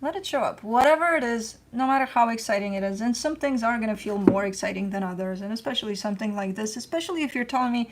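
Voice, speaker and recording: A woman's voice: a little high, lively intonation, fast talker, few pauses, a little hiss or hum. A woman hosting a casual spoken tarot reading. She talks in a loose, chatty way with slang and the odd curse, and repeats herself when she coaches and reassures. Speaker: tarot reader hosting her channel.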